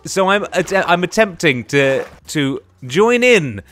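A man giving playful, excitable Let's Play commentary, chatting to the characters in his game. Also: fairly high pitch, slow pace, no echo, faint music behind. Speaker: gaming YouTuber.

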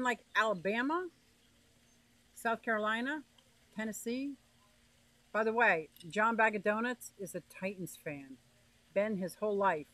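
Reading her chat on a casual livestream, a northeastern US woman greets viewers by name and chats away. Her mid-range voice has a fairly bright tone, and the rough recording has no room sound.

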